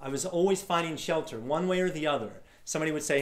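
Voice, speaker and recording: This man speaks fast with few pauses in a fairly high voice, and the room echoes. He's a motivational speaker telling stories to a live crowd, mimicking the people he encountered and frequently laughing.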